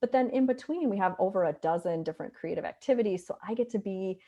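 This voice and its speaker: A middle-aged woman speaks with a Wisconsin accent and a nasal tone, her pitch sitting in the middle range. She talks in a chatty, upbeat way as a guest in a remote interview. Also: animated, fast, mellow, highs cut off. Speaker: guest, physician and author. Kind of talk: casual interview talk.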